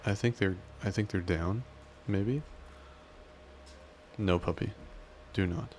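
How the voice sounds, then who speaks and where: A man casually commenting on his gameplay and chatting with his viewers in a relaxed way. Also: sits low, slow pace, slight background noise. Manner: relaxed, chatty, talks to chat. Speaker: game streamer.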